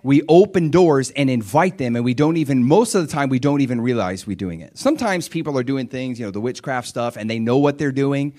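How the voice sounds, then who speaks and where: A middle-aged man preaching a sermon as pastor, animated and laughing often, speaking directly to his congregation. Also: medium pitch, brisk, hardly any pauses.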